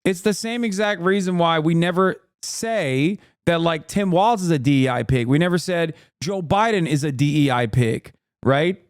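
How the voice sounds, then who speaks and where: Smooth, crude streamer man. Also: a little high, normal speed, no room sound, studio quality. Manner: crude, mocking, profane. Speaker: streamer host. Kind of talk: casual reaction commentary.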